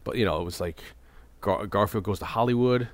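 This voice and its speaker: A man co-hosting a casual movie podcast, rambling and animated as he talks, with quick restarts. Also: on the low side, no room sound. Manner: rambling, animated, slips into silly impressions. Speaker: podcast co-host.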